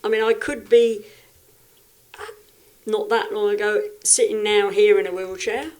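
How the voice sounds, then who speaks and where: A woman's voice: mid-range voice, steady tone, measured pace, darkish tone. A woman speaking as a podcast guest, frank and reflective, often restarting her sentences in casual talk. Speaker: guest, livestock exhibitor.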